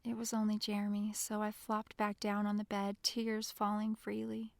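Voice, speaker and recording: A woman narrating an audiobook in the first person, with soft, emotional storytelling. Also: medium pitch, completely flat delivery, normal speed, vocal fry, no room sound.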